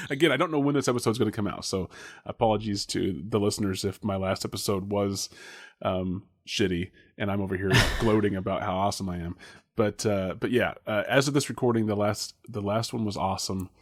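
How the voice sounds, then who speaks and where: A man's voice: on the low side, fairly quick. Laughing, rambling male podcast co-host. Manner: laughs often, rambling with fillers. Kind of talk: casual podcast chat.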